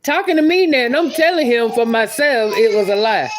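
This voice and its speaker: A woman's voice: fairly high pitch, expressive, brisk, noisy background. A woman telling a story in a casual vlog, chatty and rambling, often laughing and restarting her sentences. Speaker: YouTube commentator.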